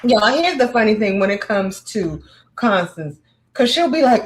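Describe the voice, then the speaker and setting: A woman co-host in casual chat, brash and teasing. She talks in a slightly high voice. She hypes a product like a salesperson. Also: expressive, a little slow.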